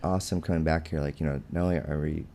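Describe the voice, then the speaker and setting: A man's voice: extremely low pitch, fairly even intonation, very fast, gravelly, mellow. A man hosting a casual interview, often chiming in with short, agreeing replies. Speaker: host.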